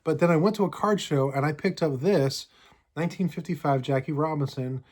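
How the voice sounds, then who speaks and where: A middle-aged man telling stories on his card collecting channel, chatty and halting, with many fillers and restarts. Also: a little high, a little mellow. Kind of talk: casual storytelling vlog.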